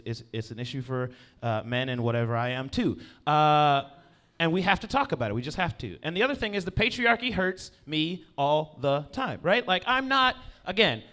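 A male stand-up comedian with a high, bright voice that swoops all over the place. He rambles and pokes fun at himself, checking in with the crowd again and again. He is performing live on a stage. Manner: rambling, self-deprecating, keeps asking "you know what I mean". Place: stage before a live audience.

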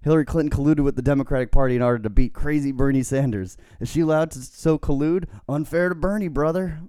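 A man doing a comic impression of a brash wrestler, reading posts aloud in a loud, punchy voice and tacking "brother" onto the lines. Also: on the high side, fast talker, clean tone, dry recording, pitched above the performer's own voice, close to an everyday voice. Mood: blustering.

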